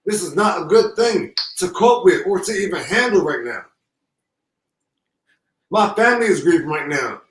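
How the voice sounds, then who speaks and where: A grieving father speaking through tears, halting and repeating himself with deep emotion. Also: expressive. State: holding back tears. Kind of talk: emotional live call-in. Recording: echoey call from far off.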